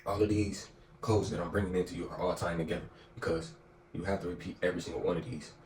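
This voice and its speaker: A man's voice: low voice, fairly even intonation, quick pace, darkish tone, slight background noise. A man giving a casual motivational talk, slangy and emphatic, repeating his phrases for weight. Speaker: motivational speaker. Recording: echoey room, distant mic, music behind.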